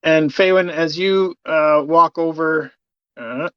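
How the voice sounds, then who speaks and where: Slow-talking game master, hesitant fillers, dry lo-fi audio. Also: medium pitch, dry recording. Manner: hesitant, many "um"s and "uh"s. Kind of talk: narrating a tabletop game.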